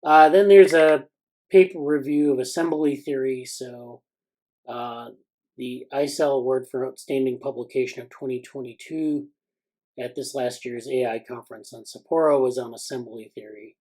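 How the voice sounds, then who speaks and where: A man's voice: mid-range voice, fairly even intonation, normal speed, a little mellow, low-quality recording. A man hosting an informal research meeting on a video call, reading passages aloud and then commenting in a hesitant way, with frequent fillers and restarts. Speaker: meeting host reviewing newsletter items. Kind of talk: casual academic meeting talk, reading excerpts aloud.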